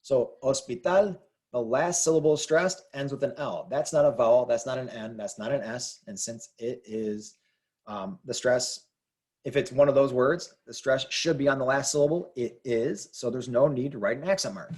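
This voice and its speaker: A man's voice: medium pitch, normal speed, a little mellow. A man teaching a grammar lesson, explaining rules patiently and repeating them, with plenty of ums. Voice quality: husky. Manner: patient, repetitive, filler-heavy explaining. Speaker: Spanish teacher. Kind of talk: classroom explanation.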